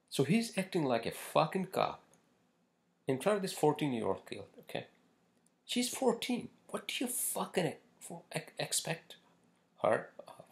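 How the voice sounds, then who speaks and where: A man's voice: fairly high pitch, vocal fry. A man hosting a casual solo podcast who rambles and swears often, with many fillers and restarts. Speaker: podcast host.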